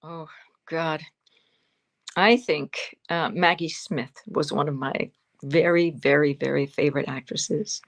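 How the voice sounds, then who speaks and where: A woman's voice: low-pitched, slow pace. A woman over seventy, an actor as guest in an interview, telling stories expressively with emphatic repetitions. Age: 70s.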